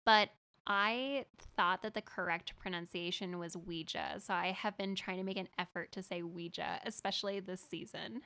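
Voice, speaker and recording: A woman's voice: medium pitch, steady tone, moderate pace, pushed and bright, clear, resonant tone. A young woman from Southern California hosting a podcast in easygoing, chatty conversation, laughing often. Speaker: podcast host. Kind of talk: casual podcast chat.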